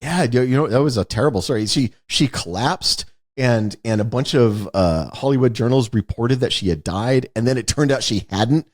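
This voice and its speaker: Talking at a moderate clip with few pauses, a man co-hosts a casual podcast chat in a medium-pitched voice. He's a lively storyteller who slips into the voices of the people he quotes.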